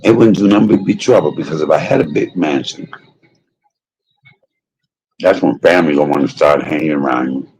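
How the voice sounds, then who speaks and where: A man's voice: rumbling low, a little fast, pauses often, darkish tone, slightly rough, low-quality recording. An older man hosting a live food stream who drifts into emphatic, folksy preaching. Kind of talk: mukbang stream talk turning into preaching.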